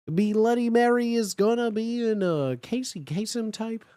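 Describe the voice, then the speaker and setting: A streamer reading fan fiction aloud on a live stream, chatty and excitable, talking straight to the chat. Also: medium pitch, measured pace, hardly any pauses, no echo, clean studio sound.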